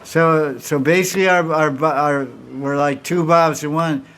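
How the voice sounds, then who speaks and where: A man's voice: on the high side, steady tone, a little slow, fairly bright tone. A man teaching at a devotional gathering, telling a story and acting out its dialogue, with many restarts. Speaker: spiritual teacher. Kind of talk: devotional lecture with questions.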